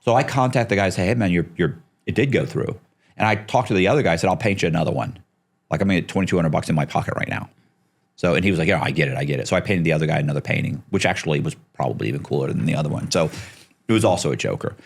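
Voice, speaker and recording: A man's voice: sits low, racing, creaky, breathy edge. A middle-aged man telling a story as a podcast guest, acting out the people he quotes and swearing casually.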